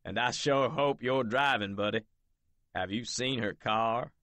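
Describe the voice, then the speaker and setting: A man voicing a smug male realtor who mocks and pushes a sales pitch, in an audiobook. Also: measured pace, fairly bright tone, no room sound. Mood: mocking. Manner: sneering, salesy.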